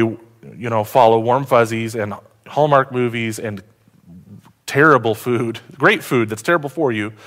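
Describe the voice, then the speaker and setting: A man preaching from the pulpit at an ordinary middle pitch. He quizzes the congregation and keeps shifting between excited, rising emphasis and quiet, earnest moments. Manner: animated, asks the congregation questions, swings from loud to hushed. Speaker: pastor. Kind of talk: sermon.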